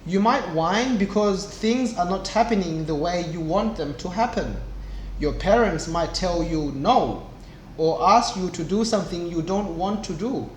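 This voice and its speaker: A young man who teaches English, reading a storybook aloud slowly and clearly to children. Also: high voice. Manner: slow and clear, with small voices for the book's characters. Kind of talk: slow read-aloud lesson for kids. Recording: echoey room, faint background noise.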